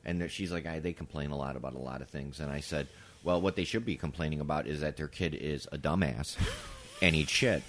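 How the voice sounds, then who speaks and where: A man co-hosting a podcast, telling stories in casual chat, swearing freely and breaking into shouted impressions. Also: very deep voice, fairly quick, slight background noise. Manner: animated, breaks into loud shouted impressions and laughs. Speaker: podcast co-host. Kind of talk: casual storytelling.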